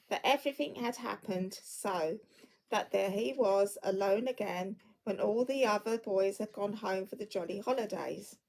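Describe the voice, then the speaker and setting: Lady reading a christmas story, bit of gravel in her voice, trips on words and fixes them. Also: mid-range voice, a little mellow, poor audio. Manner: unhurried, occasional stumbles and self-corrections. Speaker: vlogger reading aloud.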